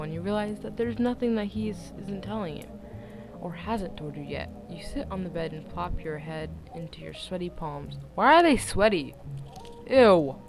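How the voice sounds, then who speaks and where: Young woman reading a story aloud, music behind. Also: low-pitched. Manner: unedited reading with jokey asides, stumbling and laughing at herself. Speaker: story reader. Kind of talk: casual read-aloud of fan fiction.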